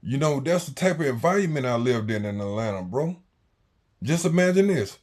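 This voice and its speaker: A man, telling a story in slangy casual talk that swings between loud and quiet. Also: medium pitch, animated, normal speed. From Jacksonville, Florida, US. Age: 40s.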